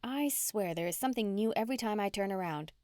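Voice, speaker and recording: A woman reading the lines of a friendly female friend who makes quick, surprised remarks. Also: mid-range voice, expressive, darkish tone, no room sound, clean studio sound, natural voice. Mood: chatty.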